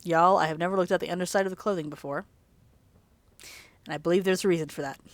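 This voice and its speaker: A let's play host talks fast in a steady, medium-pitched voice, recorded with no echo. It's late at night, and he rambles through casual gameplay commentary, chatty and laughing often while sleepily yawning.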